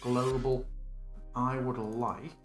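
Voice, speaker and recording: A game master demonstrates a virtual tabletop in a live screen-recorded tutorial, casually thinking aloud and correcting himself as he builds a scene. His mid-range voice is level and slow, set in a reverberant space with faint music behind.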